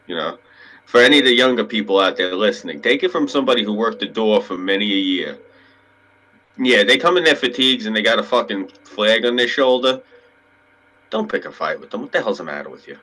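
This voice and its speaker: A man's voice: fairly low pitch, lively intonation, fairly quick, sharp tone, poor audio. A man chatting casually on a podcast, telling rambling, profane stories and acting out the people in them. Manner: profane, rambling storyteller who acts out quotes. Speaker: podcast co-host. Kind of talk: casual chat.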